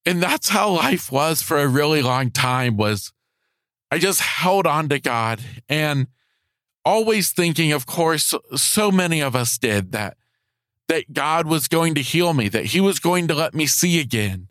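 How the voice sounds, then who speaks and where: A man's voice: on the high side, animated, fairly bright tone, no room sound, clean studio sound. Heartfelt man sharing a faith story. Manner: heartfelt, halting, repeats words. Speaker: podcast host. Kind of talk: personal faith testimony.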